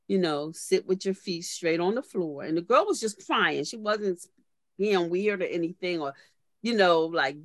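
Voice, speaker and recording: A woman's voice: lowish voice, no echo. A woman pastor delivering a sermon, moving from conversational storytelling to fervent preaching and calling out to members of her congregation by name.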